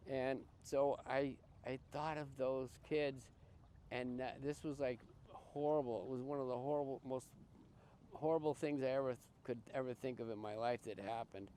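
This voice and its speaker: An older man from Massachusetts, a podcast guest, tells his life story in an earnest, halting way, often restarting and repeating words. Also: medium pitch, darkish tone, slight background noise. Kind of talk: personal life story in conversation.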